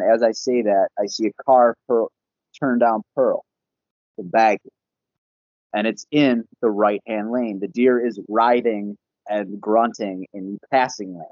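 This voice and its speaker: A young man, a podcast guest, telling a casual story in an animated, profane way and laughing often. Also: on the low side, unhurried, no room sound. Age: young adult. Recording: dull, lo-fi podcast audio.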